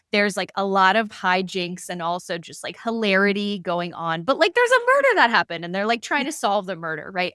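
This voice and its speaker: A woman's voice: medium pitch, fairly bright tone, smooth, no room sound, clean studio sound. A woman co-hosting a podcast, chatting casually and animatedly about books, peppering her talk with "like" and the odd swear. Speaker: podcast co-host.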